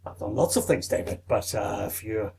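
A man playing a smug, boastful showbiz announcer as a podcast guest, shouting out his own name. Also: lowish voice, moderate pace, creaky. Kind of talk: comic improvised interview.

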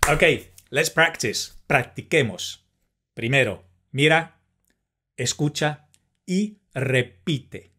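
A man with a slightly husky voice teaches a beginner lesson at an unhurried pace. His pitch rises and falls a lot as he models phrases and encourages listeners to repeat them. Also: animated, bright, forceful tone. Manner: slow, careful, encouraging, pauses for repetition; switches between English and Spanish phrases. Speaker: Spanish teacher. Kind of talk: language lesson.

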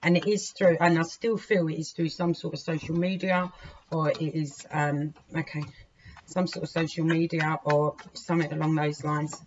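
A woman giving a weekly tarot reading, frank and indignant, swearing freely and breaking into sudden loud outbursts. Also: low voice, flat delivery, moderate pace. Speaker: tarot reader. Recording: dull lo-fi recording with faint hiss.

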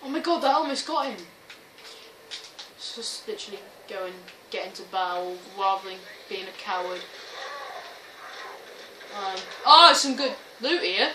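A woman giving excitable let's-play commentary, swearing, shrieking and laughing often. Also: medium pitch, normal speed, long pauses, slight background noise. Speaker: gaming video host. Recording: roomy, distant mic with game music. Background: game music and sounds.

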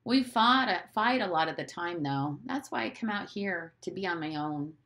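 Woman voicing a quiet young boy, soft and measured, lively pitch, storybook. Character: quiet nine-year-old boy, thoughtful.

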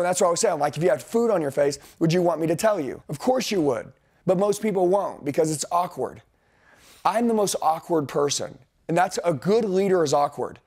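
A man's voice: sits high, darkish tone. A middle-aged man giving a blunt, intense motivational sales training to a group, talking straight at the room.

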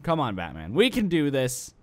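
A man's voice: mid-range voice, wildly swooping pitch, normal speed. A young adult man giving let's play commentary, rambling and self-mocking and talking back to the game. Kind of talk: gaming commentary.

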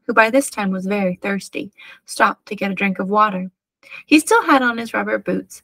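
A woman reading a children's chapter book aloud with clear, steady storytelling. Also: mid-range voice, dry recording. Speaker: storybook reader.

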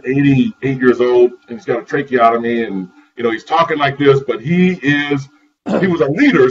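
A man chatting as an interview guest, telling lively stories about his caregiving work and often laughing. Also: fairly high pitch. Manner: lively, laughing, acts out voices in anecdotes. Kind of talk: animated storytelling in conversation. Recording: distant, muffled, with crowd noise.

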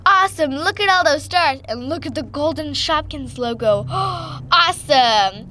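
A woman's voice: high voice, lively intonation, measured pace, fairly bright tone. A woman playing with dolls and unboxing toys, giggly and gushing, switching between doll voices. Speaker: doll-play video host.

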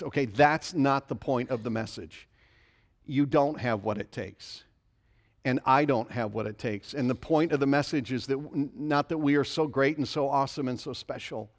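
A man's voice: fairly high pitch, lively intonation, normal speed. A man preaching a sermon as pastor, earnest, repeating key phrases for emphasis and reading scripture aloud.

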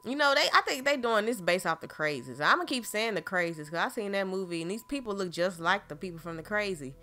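A woman's voice: medium pitch, animated, brisk, sharp tone. A woman hosting a gaming channel, commenting on a horror game as she plays, jumpy and exclaiming, talking straight to her viewers into a desk mic. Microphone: desk microphone.

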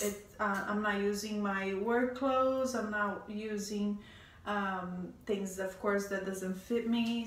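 A woman's voice: mid-range voice, reverberant, distant mic. A heavily pregnant woman, a fashion stylist, giving a rambling casual tour of her closet, a bit out of breath, with many ums and restarts.

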